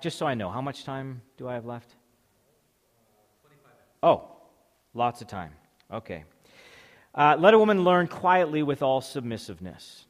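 A man preaching in a hall with a long, ringing reverb. He reads scripture aloud, then walks through it point by point in a mid-range voice, with an occasional "uh" and a restart now and then. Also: mid-range voice. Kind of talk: sermon.

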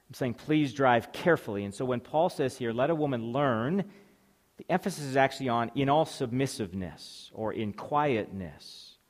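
In a hall with long, ringing reverb, a man preaches by reading scripture aloud and then going through it point by point. His voice is mid-range at medium pitch, with an occasional "uh" and a restart now and then.

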